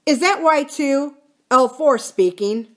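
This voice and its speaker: A woman voicing a stern grown man who asks curt, sharp questions in a storybook. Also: medium pitch, big pitch swings, a little slow.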